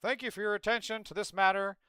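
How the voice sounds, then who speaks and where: A man doing a Hank Hill impression that drifts toward an Obama voice, reading a statement slowly and haltingly. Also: high-pitched, fairly even intonation, bright, forceful tone, clean tone, no room sound, clean studio sound, voice pushed up. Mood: mock solemn.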